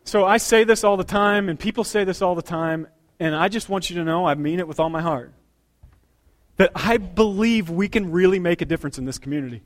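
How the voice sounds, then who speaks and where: A middle-aged man preaching a sermon in a church, emphatic, swinging between loud declarations and quiet asides. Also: sits high, a little fast. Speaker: pastor. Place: church sanctuary.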